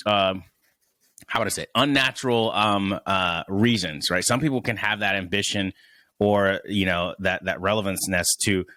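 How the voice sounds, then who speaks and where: Young guy on a podcast, lowish voice, rambles and hunts for words, dead dry sound. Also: bright, forceful tone, no echo. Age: 20s. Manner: rambling, searching for words, coining terms. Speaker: podcast guest. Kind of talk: casual podcast chat.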